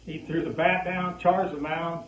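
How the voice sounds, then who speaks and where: An older man, a former pitcher, telling a lively anecdote and acting out the lines of the people in it. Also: unhurried, slight background noise. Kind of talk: anecdotal storytelling. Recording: distant echoey muffled recording.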